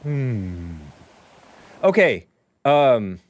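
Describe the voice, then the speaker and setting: A man's voice: medium pitch, big pitch swings, very slow. A man hosting his own talk show, chatting casually in a rambling, musing way with offhand asides. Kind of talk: casual livestream monologue.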